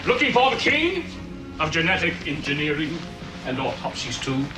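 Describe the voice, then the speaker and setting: A man's voice: a little high, big pitch swings, moderate pace, music in the background. An actor playing an unhinged male coroner with a mock German accent, grandiose and theatrical, in a film clip. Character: unhinged male coroner, mad scientist type. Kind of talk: film acting.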